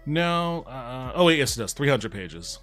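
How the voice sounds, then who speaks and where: A man's voice: medium pitch, very animated, unhurried, fairly bright tone. Man, podcast co-host, casual chat, wry, laughs while reading aloud, faint music behind.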